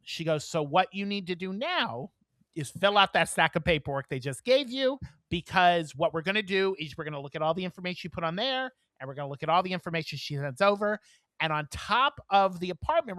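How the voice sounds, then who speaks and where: A man co-hosting a podcast, telling a story in casual chat, animated and profane, acting out the dialogue. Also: on the high side, dry recording. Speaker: podcast co-host.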